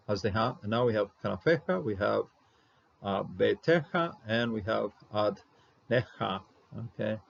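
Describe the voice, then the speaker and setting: A low, gravelly man works through a Hebrew verse word by word, pausing often and drawing out each term as he sounds it. The recording is dull and lo-fi. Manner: halting, many fillers, sounds out Hebrew words slowly. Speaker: Hebrew Bible teacher.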